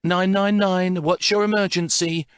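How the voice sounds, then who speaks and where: A man voicing a calm, formal woman emergency dispatcher in an audiobook, speaking in a brisk, official way. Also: high-pitched, smooth, no room sound, pitched above the performer's own voice.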